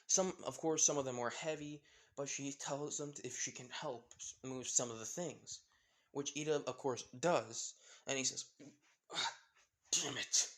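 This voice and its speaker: A man's voice: mid-range voice, normal speed. A man casually telling a fan-fiction story, rambling and often correcting himself with fillers.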